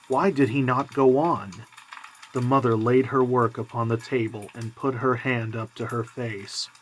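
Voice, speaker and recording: A man reading a classic novel aloud in a measured, calm way. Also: mid-range voice, a little hiss or hum, rough recording. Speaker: reader.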